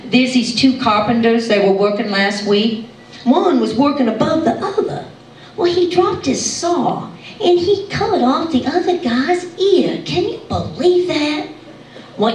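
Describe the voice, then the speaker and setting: A high, bubbly country comedienne, put on by a woman spins gossipy jokes, giggling between lines. She is caught from a distance in a roomy, echoing hall. A faint hum of ambience sits underneath. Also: lively intonation, moderate pace. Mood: folksy. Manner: chatty, gossipy country storytelling. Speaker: tribute comedian. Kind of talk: live stand-up comedy monologue. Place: stage show in a hall. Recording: echoey hall, mic from far off.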